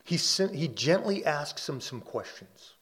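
A man giving a conversational sermon as a pastor. He often restarts his phrases and checks in with "right?", swelling louder on key points and dropping soft and quiet on calm lines. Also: a little high, a little slow.

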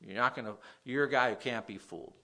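A man's voice: mid-range voice, fast. A man preaching a sermon in a conversational way, often putting questions to his listeners. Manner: animated, conversational, asks the audience questions.

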